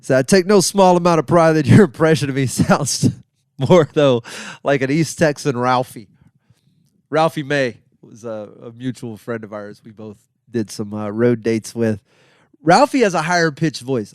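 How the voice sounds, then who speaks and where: A man with a smooth, resonant voice at a middle pitch talks in a loose, joking way, drifting from point to point as a comedian hosting his show. The sound is dry and close, with no room echo. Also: animated, normal speed. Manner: rambling, joking, self-deprecating. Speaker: comedian and podcast host. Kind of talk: casual solo podcast monologue.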